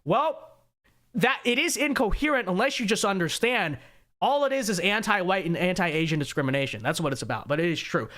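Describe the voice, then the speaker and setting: A man hosts a political commentary livestream with a fairly high voice. He talks in a sarcastic, mocking way, tossing in joking asides and reading out viewer messages. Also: lively intonation, a little fast, sharp tone. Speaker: host.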